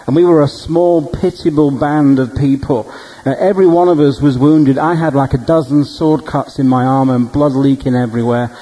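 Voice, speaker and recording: A male preacher telling dream stories in a sermon, animated and humorous. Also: medium pitch, moderate pace, hardly any pauses, poor audio. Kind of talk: storytelling sermon.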